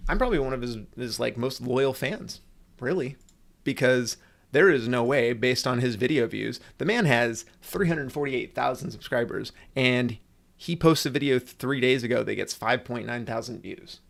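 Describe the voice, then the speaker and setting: A man's voice: mid-range voice, normal speed, gravelly. A man hosting a casual livestream, ranting with sarcasm and frequent swearing. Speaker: livestream host.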